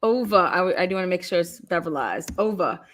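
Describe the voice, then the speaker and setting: A woman hosting a live-stream chat, excitable and giggly, swearing casually. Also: lowish voice, fast talker. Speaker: livestream host.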